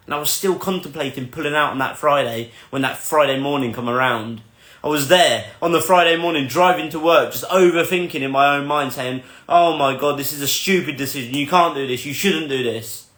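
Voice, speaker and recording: A man's voice: on the high side, fairly bright tone, echoey room. A man in his thirties telling a personal motivational story in an emphatic, earnest way, repeating phrases for effect. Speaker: motivational vlogger.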